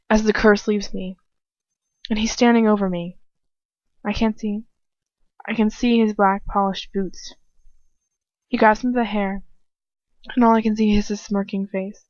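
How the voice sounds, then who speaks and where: A woman's voice: medium pitch, little pitch movement, measured pace, long pauses, a little mellow, no echo. Woman narrating an audiobook, unpolished reading with restarts, dry close sound, dull lo-fi mic. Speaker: fan fiction reader. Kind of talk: first-person audiobook reading.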